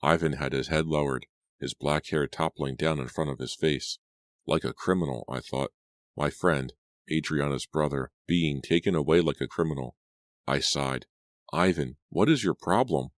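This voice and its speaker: A man narrating an audiobook in the first person, with a measured storytelling delivery. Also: very deep voice, fairly even intonation, dry recording, clean studio sound.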